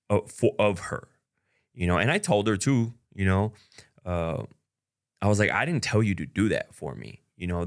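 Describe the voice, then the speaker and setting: A young man, a content creator, talks frankly and at length about a breakup in a casual personal vlog. His voice is deep and a bit bright, and he rambles candidly, full of fillers like "like" and "you know."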